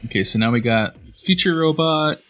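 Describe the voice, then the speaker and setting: A man's voice: a little high, lively intonation, brisk, fairly bright tone, faint music behind. A man co-hosting a podcast, bantering and laughing through a movie watch-along. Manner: joking, laughs often, teasing. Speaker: podcast co-host.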